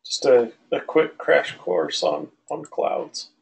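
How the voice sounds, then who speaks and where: A male aviation instructor lecturing an online class in a relaxed, loose way, with many fillers and restarts. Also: medium pitch, slow pace, vocal fry, rough recording. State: out of breath.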